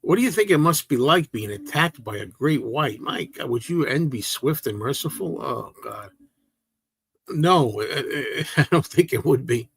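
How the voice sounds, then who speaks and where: Man, casual livestream host, rambling and chatty, dry close sound, middle pitch. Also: expressive, moderate pace, vocal fry, breathy edge, dry recording. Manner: rambling, self-interrupting, chatty. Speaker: livestream host reading viewer comments.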